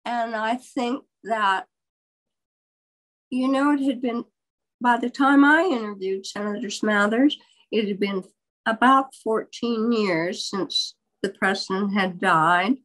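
An older woman, a biographer, telling a long story in an interview in a candid, wry and animated way. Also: on the high side, slow pace, low-quality recording.

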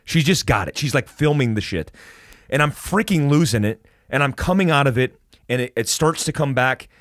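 A man's voice: mid-range voice, normal speed, dry recording, studio quality. A man from the United States telling a wild story as a podcast guest, swearing a lot and restarting sentences. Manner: animated, heavy swearing, restarts. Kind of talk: casual storytelling interview.

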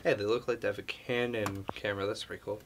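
A man's voice: on the low side, flat delivery, fast talker, very noisy. A young man casually commenting on a game he plays, reading messages aloud and reacting as he goes. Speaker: YouTube gamer. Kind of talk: casual let's-play commentary.

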